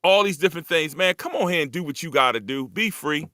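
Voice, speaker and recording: A man speaking hosts a casual live talk, loose, profane and rambling. His voice is bright and forceful and a little high. It is close-miked and dry, with no room around it. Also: animated, quick pace, no room sound. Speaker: host. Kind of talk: casual monologue to a live audience.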